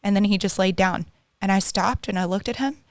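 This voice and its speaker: A woman's voice: mid-range voice, brisk, dry recording, clean studio sound. A woman co-hosting a casual chat, telling stories animatedly and acting out what others said. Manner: chatty, animated storyteller who acts out quotes.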